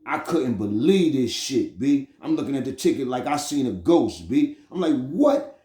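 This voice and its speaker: A man's voice: medium pitch, normal speed, echoey room. Streetwise New York man telling a story. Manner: streetwise, animated, repeats "you know what I'm saying". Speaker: storyteller recounting prison experiences. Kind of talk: casual storytelling monologue.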